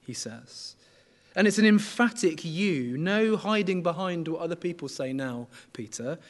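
Middle-aged man, sermon, conversational, slightly high pitch. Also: expressive, a little slow. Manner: conversational, asks the congregation questions. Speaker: preacher.

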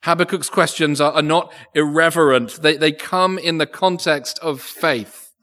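A man's voice: a little high, fairly even intonation, measured pace, pushed and bright. A man preaching a sermon in a church, earnest, often repeating words as he thinks aloud. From England. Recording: echoey church with long reverb.

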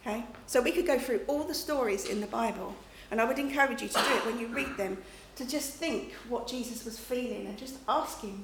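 A woman's voice: a little high, brisk, hardly any pauses. Chatty woman preaching in echoey room. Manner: chatty, checks in with listeners with "okay?" and "you know". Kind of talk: conversational sermon. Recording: echoey room, faint background noise.

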